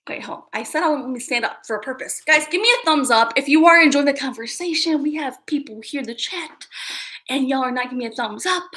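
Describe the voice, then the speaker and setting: A woman's voice: high-pitched, fast talker, sharp tone. A woman hosting a casual livestream, chatting straight to her viewers in a hyper, self-amused way. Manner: talks straight to viewers, often laughing at herself. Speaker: livestream host. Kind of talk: casual live-chat talk.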